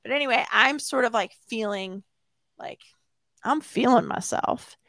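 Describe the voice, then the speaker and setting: A woman telling a self-mocking story as an interview guest, animated and laughing often. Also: fairly high pitch, measured pace, no echo.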